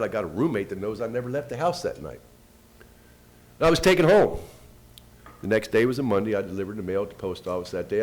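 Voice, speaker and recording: A man giving a first-person storytelling talk, retelling events with quoted dialogue and lively shifts in pitch and loudness. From United States. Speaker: invited speaker.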